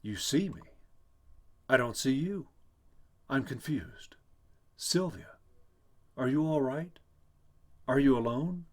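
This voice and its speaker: A man's voice: medium pitch, expressive, takes it slowly, long pauses, pitched above the performer's own voice. A man voicing an anxious middle-aged husband who pleads frantically on the phone. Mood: frantic.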